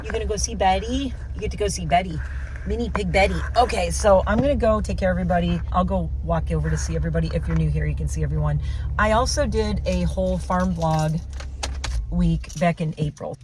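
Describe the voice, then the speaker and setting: A woman's voice: on the low side, fast, darkish tone, a little hiss or hum. A woman in a casual outdoor vlog, rambling and self-deprecating, and cooing at farm animals. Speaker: vlogger.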